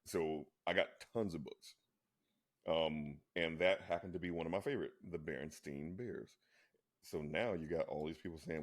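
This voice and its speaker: A man with a very low voice talks in a casual chat. He argues his point insistently and often restarts or repeats his words. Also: normal speed. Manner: insistent, animated when arguing. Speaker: co-host.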